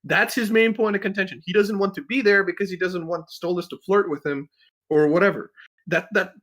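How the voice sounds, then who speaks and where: Man, podcast host, blunt profane ranting, slightly high voice. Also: fairly quick, fairly bright tone. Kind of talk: casual critique chat.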